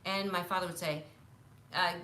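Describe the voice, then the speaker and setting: A woman in her fifties telling stories from her childhood on a live stream, animated, laughing often and acting out what people said. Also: fairly low pitch, normal speed. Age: 50s. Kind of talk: casual storytelling on a live stream. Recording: roomy echo.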